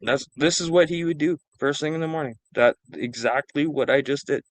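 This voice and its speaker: A man's voice: a little high, brisk, dry recording. A man streaming and chatting casually, telling rambling anecdotes full of swearing. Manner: rambling, profane storytelling. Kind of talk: casual chat.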